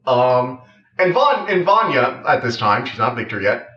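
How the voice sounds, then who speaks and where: A TV show reviewer talks through a season in a loose, rambling, casual spoken review, leaning on "like" and restarting sentences. His pitch sits in an ordinary middle range with big swings, he's unhurried, and the recording is roomy and a little dull.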